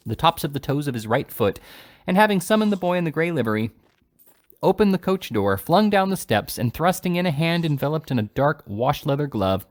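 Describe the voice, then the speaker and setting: A man reading a classic novel aloud in an expressive storytelling manner. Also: fairly high pitch. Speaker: audiobook reader.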